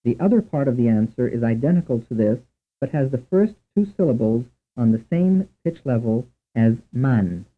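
A man narrating a language lesson in a measured, lecturing way. His voice moves animatedly up and down as he sets out each drill. The recording is thin and phone-like. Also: medium pitch, lively intonation. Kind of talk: scripted instructional narration. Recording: tinny narrow-band recording.

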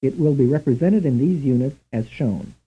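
A man reading a scripted language lesson in a slow, measured, deliberate way, on a tinny old tape recording. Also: mid-range voice, lively intonation, breathy edge. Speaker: language instructor. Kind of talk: scripted programmed-lesson narration.

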